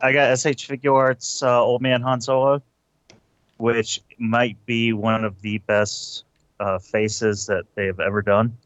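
A man's voice: mid-range voice, level tone, unhurried, fairly bright tone, no echo, highs cut off. A man co-hosting a casual podcast chat, joking dryly and stalling with fillers. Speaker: podcast co-host.

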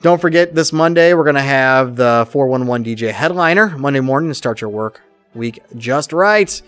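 A middle-aged podcast co-host chats casually, animatedly acting out what the people in his stories said. His voice is mid-range and his pace moderate. Faint music plays behind him.

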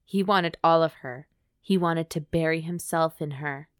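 A woman's voice: low-pitched, measured pace, dry recording, clean studio sound. A woman co-hosting a podcast, reading a romance novel aloud steadily and breaking off for wry jokes. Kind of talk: dramatic reading with joking commentary.

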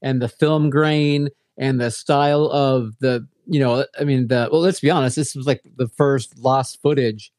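A man co-hosting a podcast, rambling casually with plenty of restarts. His voice sits at a middle pitch. The recording is dry and close. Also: steady tone, measured pace, few pauses, a little mellow, dry recording. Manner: rambling, lots of fillers and restarts. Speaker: podcast co-host. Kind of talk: casual chat.

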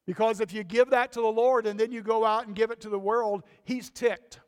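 High-voiced pastor preaching in a reverberant church. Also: male voice, fairly even intonation, brisk, smooth. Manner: folksy, emphatic preaching with sudden rises. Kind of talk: sermon.

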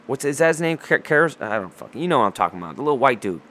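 A man's voice: medium pitch, big pitch swings, rapid-fire, bright, forceful tone. A man ranting casually about basketball, heated and profane, full of trash talk, restarts and rambling asides. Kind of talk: casual sports rant.

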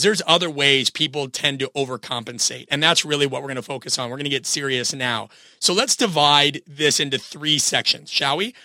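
A man's voice: fairly high pitch, sharp tone, no echo, studio quality. A man in his thirties, sick with a cold, hosting a solo podcast and coaching his listeners in an earnest, direct way.

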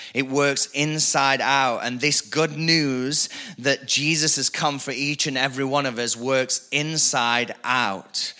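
Male pastor, bright and forceful tone, energetic repetitive sermon delivery with casual asides. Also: mid-range voice. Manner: energetic, repetitive preaching with rising emphasis and asides.

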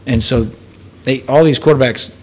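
A man's voice: mid-range voice, normal speed, a little mellow. A man in his thirties telling a story in casual chat, chatty, often laughing and restarting his sentences. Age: 30s.

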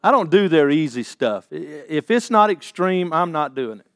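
Pastor guy preaching, folksy, kinda high voice, dry sound. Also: animated, moderate pace, creaky, no room sound. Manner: folksy, repeats and restarts, calls for amens. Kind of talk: sermon.

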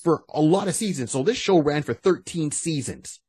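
A man co-hosting a casual podcast, animated and breaking into quoted voices as he talks. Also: on the high side, normal speed, husky, dry recording. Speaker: podcast co-host. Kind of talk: casual chat.

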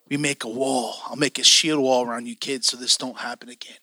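A man preaching a passionate sermon as a church elder, telling stories and acting out his own excitement. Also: medium pitch, brisk, hardly any pauses, no echo, clean studio sound.

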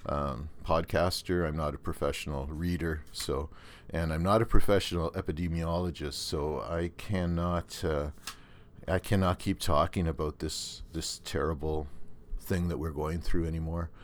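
A man's voice: rumbling low, steady tone, moderate pace. An older man with a Canadian accent hosting a podcast, talking in a rambling, earnest way with many restarts and fillers. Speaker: podcast host. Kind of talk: casual monologue.

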